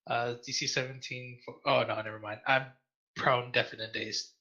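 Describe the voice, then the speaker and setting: Bright-voiced apologetic gamer guy. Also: medium pitch, moderate pace, lo-fi sound. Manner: apologetic, self-deprecating, excitable. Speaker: player. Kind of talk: casual tabletop game chat.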